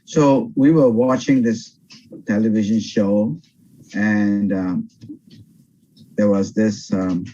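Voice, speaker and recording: Older pastor, dull video-call sound. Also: male voice, lowish voice. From Singapore. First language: Teochew. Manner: animated, pauses and restarts often. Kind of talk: Bible study teaching. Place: home over video call.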